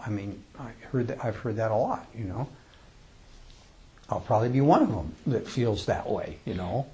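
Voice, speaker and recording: A man giving an informal dharma talk as a Zen teacher, in a relaxed and conversational way. He chuckles often and restarts his sentences. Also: lowish voice, lo-fi sound. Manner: relaxed and conversational, reads poems slowly.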